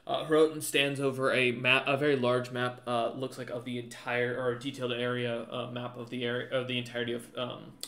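A man runs a tabletop game, narrating in a loose, rambling way that is full of fillers and restarts. His voice is mid-pitched, and the room around him is echoey. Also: completely flat delivery, brisk, hardly any pauses, bright, forceful tone. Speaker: game master.

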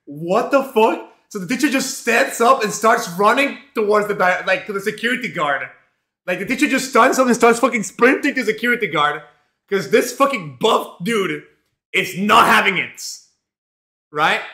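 A male streamer telling a rambling, profane story in a casual, animated way, full of fillers. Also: sits high, moderate pace, reverberant.

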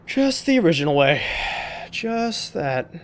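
A young man narrating his gameplay in a loose, profane, sarcastic way, mocking the notes as he reads them aloud. His voice sits a bit high for a man. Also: very animated, measured pace. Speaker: let's play gamer. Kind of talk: let's play commentary.

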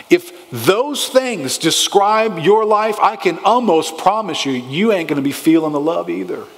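A male pastor preaching a sermon with emphatic, rising delivery, often asking the congregation questions. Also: high voice. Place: church sanctuary. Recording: long hall reverb.

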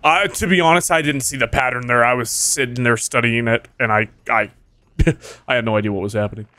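Excitable young man swearing through gameplay. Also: medium pitch, a little fast, no room sound. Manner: excitable, swears often, jumps to yelps when hit. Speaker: gaming streamer. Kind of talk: casual gameplay commentary.

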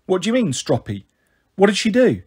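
A man's voice: sits high, wildly swooping pitch, brisk, a little mellow, husky, heavily acted. A man voicing a defensive teenage girl who talks back sharply. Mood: defiant.

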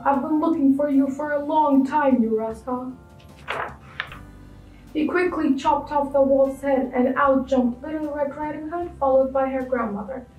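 Female storyteller for kids, high mellow voice, expressive reading, echoey room mic. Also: recorded from a distance. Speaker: storyteller for school children. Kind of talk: children's story read aloud.

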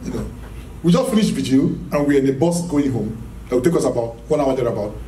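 A man with a mellow, mid-range voice preaches at a quick pace with lively intonation, a slight hiss or hum in the background. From a distant mic in a reverberant church hall, his charismatic sermon is emphatic and repetitive, with rhetorical questions and lots of laughter.

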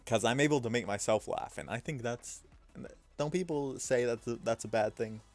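Over faint background music, a young man chats casually about his gameplay while streaming, mocking himself, laughing, and swinging from mumbles to loud outbursts. His voice is mid-range at a normal speed.

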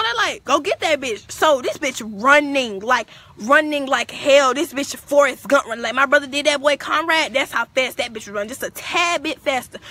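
A teenage girl telling a story on a livestream, profane, animated and defiant. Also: sits high. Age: teens.

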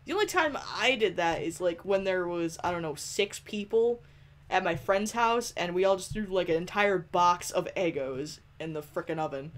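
A woman's voice: on the low side, moderate pace. A woman giving playful, giggly gameplay commentary, teasing the characters and talking straight to them on screen. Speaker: let's play host.

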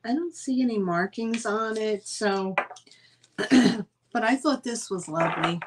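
A woman's voice: medium pitch, heavy background noise. A woman, hosting a live sale stream and chatting in a rambling, casual way with lots of fillers.

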